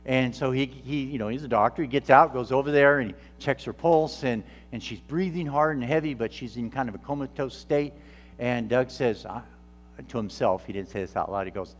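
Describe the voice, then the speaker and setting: A man's voice: medium pitch, a little fast. Male preacher telling stories in a hall. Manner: animated storyteller, voices the people in his stories. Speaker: guest preacher, missionary. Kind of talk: storytelling sermon. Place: church sanctuary. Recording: reverberant church hall with soft music.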